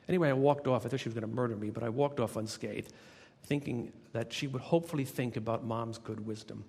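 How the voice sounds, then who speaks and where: A man, a motivational speaker, telling a workplace anecdote in lively storytelling narration. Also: mid-range voice, quick pace, creaky, breathy edge. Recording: reverberant recording.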